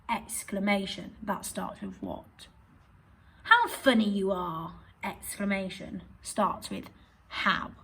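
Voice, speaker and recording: Expressive husky-voiced woman teacher. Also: on the high side, low-quality recording. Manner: expressive, reads examples aloud with emphasis. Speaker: primary school teacher. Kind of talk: online grammar lesson for children.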